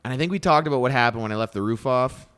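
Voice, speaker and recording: A man in his thirties hosting a podcast, chatting casually and retelling a story with lively quoted dialogue. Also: mid-range voice, rapid-fire, clean tone. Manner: storytelling, animated retelling of conversations. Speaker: podcast host. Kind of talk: casual chat.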